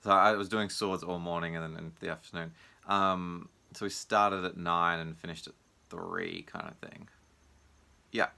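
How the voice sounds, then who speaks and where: A man's voice: deep voice, animated, normal speed, vocal fry, sharp tone, smooth. A man, a martial arts teacher, talking casually and reflectively in his own video diary, acting out what other people say. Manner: musing, acts out other people's lines in raised voices.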